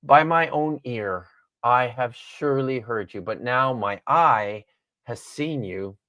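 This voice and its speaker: A man voicing Job, a worn-down suffering old man, in a measured, solemn scripture reading. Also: medium pitch, pushed and bright.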